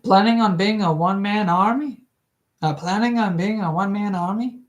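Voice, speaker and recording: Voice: mid-range voice, normal speed, voice pushed up, close to an everyday voice. A hobby reader voicing a nervous craftsman shopkeeper who asks lifted, eager questions. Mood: uneasy.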